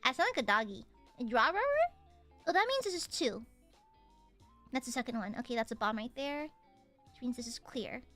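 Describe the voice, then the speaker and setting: Streaming a game, a young woman with a Southern US accent chats playfully, teasing and laughing. Her voice is a little high and expressive at normal speed, with frequent pauses, a bit bright, over soft background music.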